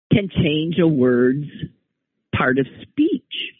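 A man's voice: mid-range voice, animated, moderate pace, slightly rough, no room sound. A man hosting a casual solo monologue, rambling and wry, often trailing off and starting over. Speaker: podcast host. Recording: tinny phone-like dry sound.

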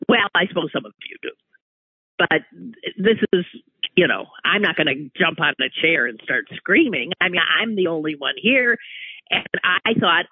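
A man telling a personal anecdote in an animated, exclaiming way, breaking off and restarting mid-sentence. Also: high voice, gravelly, slightly rough, no echo. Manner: animated, exclaiming, self-interrupting. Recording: tinny phone-like line, dry.

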